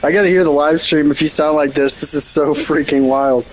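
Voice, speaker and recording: A man's voice: a little high, steady tone, brisk, low-quality recording. A young man chatting casually on an online voice chat, laid-back and swearing freely. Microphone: online voice chat mic.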